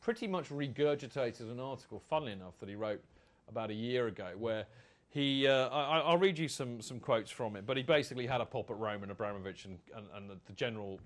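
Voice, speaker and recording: A man's voice: mid-range voice, fast. A man hosting a casual fan podcast, chatty and rambling, reading out quotes. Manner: rambling, chatty, does comic voices when quoting. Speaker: podcast host.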